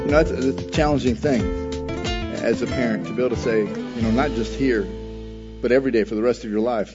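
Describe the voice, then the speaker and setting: A man's voice: mid-range voice, a little fast, music in the background. A man preaching a sermon as pastor, earnest and building emphasis on scripture quotes. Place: church sanctuary. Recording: dull, long-reverb church recording.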